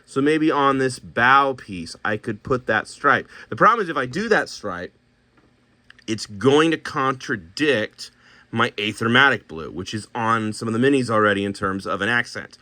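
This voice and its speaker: A man's voice: medium pitch, lively intonation, moderate pace, sharp tone, no echo. A man casually thinking aloud as he shows paints and miniatures, talking himself through color choices with many restarts.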